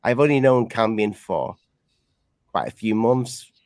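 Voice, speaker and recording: A man's voice: on the low side, expressive, a little slow, a little mellow, no room sound. A man on a live panel chat, stumbling over his words as he tries to stay diplomatic. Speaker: panel guest.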